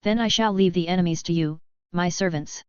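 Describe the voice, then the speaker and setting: A woman voicing a haughty, aloof young princess who talks down to others, in a clear but dull lo-fi recording. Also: fairly low pitch, a little fast, a little mellow, no room sound, lightly acted. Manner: lofty and condescending.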